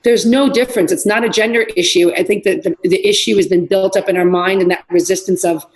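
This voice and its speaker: A middle-aged woman, a fitness trainer, telling lively stories in a casual podcast chat and acting out what people said. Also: mid-range voice, fast talker, poor audio. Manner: animated storyteller, acts out quotes.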